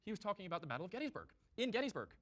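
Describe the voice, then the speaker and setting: A man debating on a stream, speaking extremely fast in a slightly raised voice. He argues eagerly and piles one point on the next. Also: high-pitched, sing-song, a bit bright. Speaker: debate participant. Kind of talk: casual debate argument.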